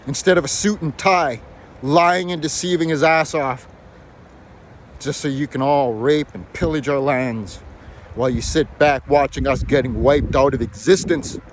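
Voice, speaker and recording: A man's voice: a little high, slight background noise. A man from Canada delivering a heated, profane, defiant rant to camera outdoors. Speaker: video blogger. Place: outdoors in a built-up area.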